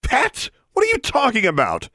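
A man voicing a defiant, quick-tempered teenage witch girl with sharp, indignant outbursts in a storybook reading. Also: mid-range voice, wildly swooping pitch, no room sound, clean studio sound, voice pushed up.

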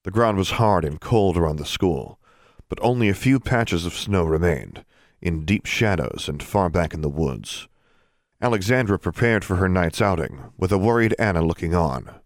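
A man reading an audiobook in steady, measured narration. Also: deep voice, no room sound, studio quality. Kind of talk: scripted narration.

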